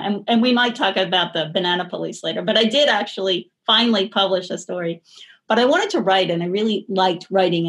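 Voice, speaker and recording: A woman's voice: mid-range voice, fairly bright tone. A middle-aged woman as an interview guest, talking in a rambling, chatty way with many restarts and light laughter. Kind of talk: casual interview conversation.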